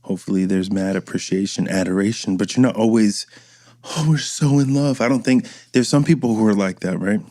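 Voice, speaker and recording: A man's voice: lowish voice, steady tone, fairly quick, few pauses, mellow, dry recording, studio quality. A man in his thirties, a podcast host, chatting in a casual, rambling and profane way and acting out voices he quotes. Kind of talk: casual chat.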